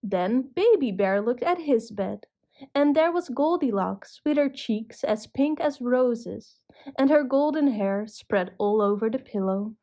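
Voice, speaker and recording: A woman narrating a children's cartoon story in a gentle, measured way. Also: on the high side, animated.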